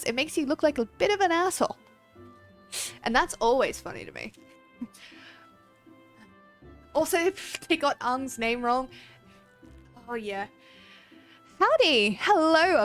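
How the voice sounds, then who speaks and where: A woman's voice: a little high, animated, unhurried, long pauses, fairly bright tone, faint music behind. A woman streamer chatting casually with viewers while playing a game, laughing often and swearing freely. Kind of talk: casual livestream chat.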